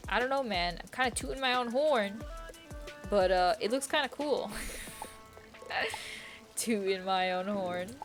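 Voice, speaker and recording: A young woman streamer chats loosely while she plays, giggling, slangy and quick to swear. Her voice sits at an ordinary middle pitch. Soft game music plays underneath. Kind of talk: casual chat while gaming.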